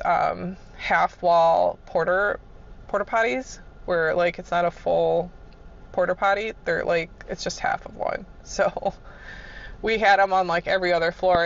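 A woman's voice: on the low side, highs cut off. A woman telling casual work stories in a laid-back, chuckling way, swearing freely. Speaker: vlogger. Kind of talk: casual storytelling.

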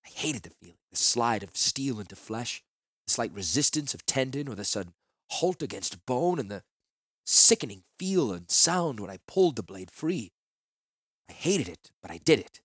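A man narrating a first-person fantasy novel in a measured, earnest way. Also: mid-range voice, very animated, a bit bright, slightly rough, no echo, studio quality. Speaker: audiobook narrator.

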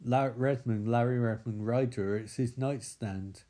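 A man's voice: medium pitch, a little slow. Sweary man riffing on a movie. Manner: sweary, excitable, sarcastic. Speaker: movie commentator. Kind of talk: casual running movie commentary.

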